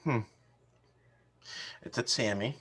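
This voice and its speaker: With a medium-pitched, slow, slightly rough voice that's fairly bright in tone, a podcast co-host in his thirties chats casually about his family. He laughs while telling the stories and acts out the things family members said.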